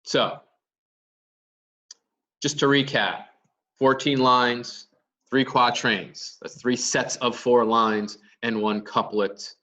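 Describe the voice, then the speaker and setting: Slow, bright-voiced male teacher lecturing. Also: medium pitch, steady tone, recorded from a distance. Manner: explains step by step, asks and answers his own questions. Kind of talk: classroom lecture.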